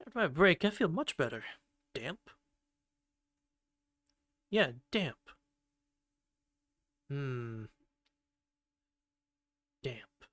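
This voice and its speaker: A man's voice: mid-range voice, sing-song, very slow, pauses often, a bit bright, no echo, clean studio sound. A man streaming a game and chatting casually with viewers, playful and rambling, swearing now and then. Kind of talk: casual chat while playing a game.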